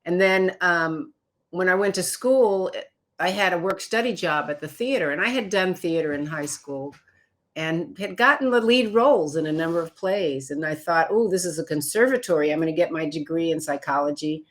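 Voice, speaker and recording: An older woman from Chicago telling stories about her career in an interview, acting out other people's lines. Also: normal speed. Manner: animated storyteller, acts out quotes in higher voices. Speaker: guest. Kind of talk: storytelling interview.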